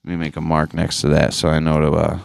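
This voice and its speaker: A man's voice: rumbling low, completely flat delivery, quick pace, gravelly, clear, resonant tone, no echo, studio quality. A man hosting a podcast in casual chat, laid-back and profane, heavy on slang, into a podcast microphone. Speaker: podcast host.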